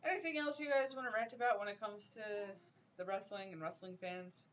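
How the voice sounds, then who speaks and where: A young woman hosting a casual wrestling chat, animated, ranting and laughing often. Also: medium pitch, a little fast. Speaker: podcast host. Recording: dull lo-fi stream audio.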